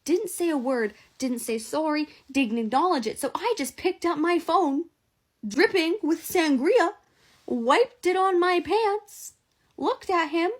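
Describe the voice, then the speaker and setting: High-voiced woman, blunt storytime. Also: lively intonation, a little slow. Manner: blunt, wry retelling. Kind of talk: casual storytime.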